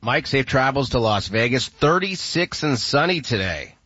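Male sports radio host, husky voice on a dull, dry line, brisk segment patter. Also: mid-range voice, sing-song, bright, forceful tone, no echo. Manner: upbeat, introduces clips and segments.

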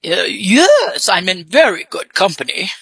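A woman speaking in a put-on English accent with a deep-pitched voice whose pitch swoops widely. She talks slowly and hesitantly, trailing off into fillers as a mystery guest on a radio guessing game, in a dry, close recording. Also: sing-song, creaky, fairly bright tone, breathy edge, no echo. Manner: hesitant, halting with many fillers.

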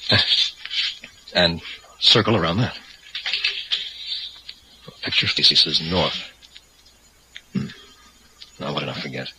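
A man's voice: deep voice, noisy background. An actor playing a nervous young man caught up in a ritual in a radio drama, hesitant and uneasy, often talking to himself.

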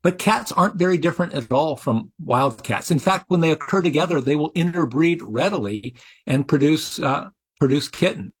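A man's voice: a little high, expressive, normal speed, hardly any pauses, slightly rough. A middle-aged man, a biology professor, giving interview answers in an explanatory way with frequent restarts.

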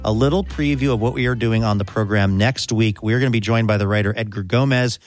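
A man's voice: on the low side, fast, no room sound, soft background music. A man hosting a radio show, announcing segments in a friendly, upbeat tone.

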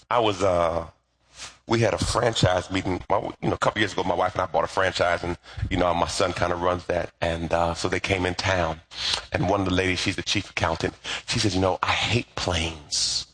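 A middle-aged pastor preaching a lively, conversational sermon with call-and-response. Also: male voice, low voice, a little fast, slightly rough.

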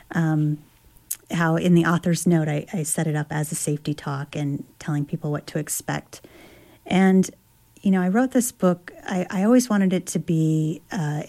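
A woman author and travel writer reads from her memoir and then talks about it reflectively, often pausing to search for words. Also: low-pitched, gravelly, mellow. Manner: reflective, with many fillers and restarts.

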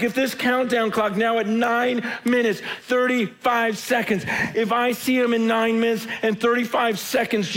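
A man preaching an impassioned sermon, moving from loud outcries to low, intimate asides.

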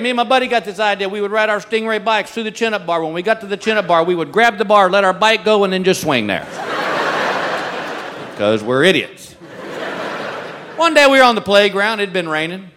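A man's voice: high-pitched, pushed and bright. A middle-aged man doing stand-up comedy, telling folksy, self-mocking stories about his own mishaps. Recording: live show with audible audience noise.

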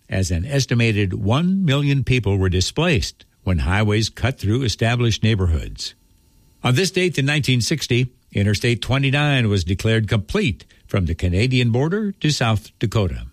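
A man hosting a short radio history segment, reading a script in a measured, even way. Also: medium pitch, dry recording, studio quality.

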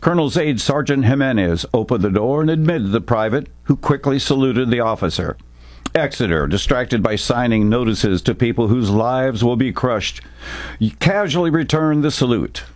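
A man narrates a war story in a measured storytelling voice, at a middling pitch. The recording is dry and close, with no room around him. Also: animated, no room sound. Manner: measured storytelling, voicing characters lightly.

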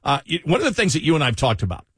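A man's voice: on the high side, sing-song, rapid-fire, fairly bright tone, slightly rough, no room sound, studio quality. A man with a Buffalo accent co-hosting a talk radio show, chatting casually and leaning on fillers. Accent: Buffalo, New York. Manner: chatty, leans on fillers, laughs often. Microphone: studio microphone.

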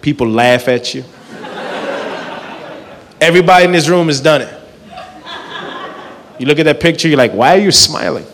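A man's voice: fairly high pitch, moderate pace, long pauses, a bit bright, slight background noise. Laid-back man doing stand-up in a reverberant venue. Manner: laid-back, absurd storytelling with acted-out dialogue. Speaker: stand-up comedian. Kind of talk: stand-up set. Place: comedy club stage. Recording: live venue with long reverb.

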